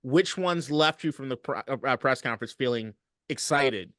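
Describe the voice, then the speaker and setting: Profane, animated sports podcast man. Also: medium pitch, moderate pace, no echo, clean studio sound. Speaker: podcast co-host. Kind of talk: casual sports chat.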